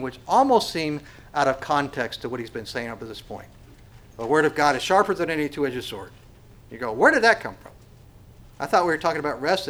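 A man's voice: medium pitch, a bit bright. A man preaching a sermon as pastor. He asks the congregation rhetorical questions and often stumbles over repeated words.

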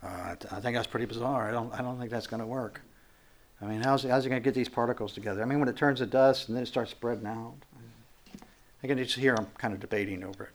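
A man's voice: mid-range voice, fast. A man, a pastor, preaching a conversational sermon, acting out quotes and building to emphatic, raised passages.

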